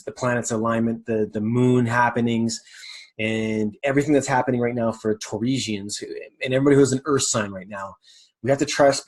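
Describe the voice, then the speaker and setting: A man's voice: mid-range voice, darkish tone. A middle-aged man hosting a motivational podcast, talking in a candid, rambling way with swearing and self-corrections. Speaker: podcast host. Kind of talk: motivational monologue.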